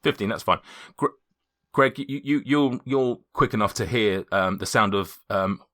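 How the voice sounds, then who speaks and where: A man narrating as game master of a tabletop game, halting, with many restarts. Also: fairly low pitch, sharp tone.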